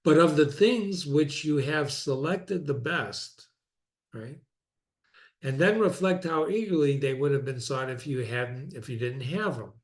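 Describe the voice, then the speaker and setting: A man's voice: fairly high pitch, lively intonation. Reflective man reading and musing aloud. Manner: reflective, conversational, repeats phrases for emphasis; reads quoted passages slowly and deliberately. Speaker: reader and teacher of classic philosophy. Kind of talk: reading aloud with personal commentary.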